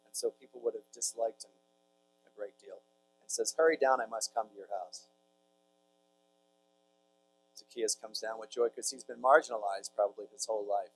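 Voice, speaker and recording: A man's voice: lowish voice, fairly even intonation, normal speed, long pauses, slight background noise, low-quality recording. A man, a priest speaking to a large audience in a conversational storytelling talk with jokey asides to the crowd. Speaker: priest giving a conference talk.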